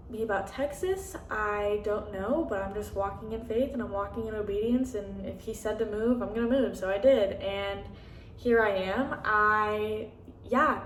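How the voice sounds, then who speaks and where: A young woman vlogs candidly from her apartment, chatty and full of "like" and other fillers, acting out conversations as she recounts them. Her mid-range voice comes through a slightly distant mic with roomy echo and a little hiss or hum.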